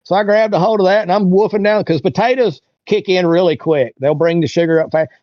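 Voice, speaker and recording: A man's voice: high-pitched, a little fast, no echo. Guy rambling through a story in an interview, doing everyone's lines, dry muffled audio. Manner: rambling, acts out other people's lines in raised voices. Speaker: interview guest. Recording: dull, lo-fi, dry sound.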